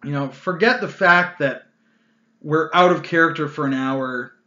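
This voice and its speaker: A man rants about a past tabletop game in a casual, exasperated way, his voice bright and fairly high. He is recorded in a roomy, echoey space. The sound is a little dull and lo-fi. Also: a little slow. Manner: ranting, exasperated, loose with fillers. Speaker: channel host telling a gaming story. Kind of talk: casual storytelling vlog.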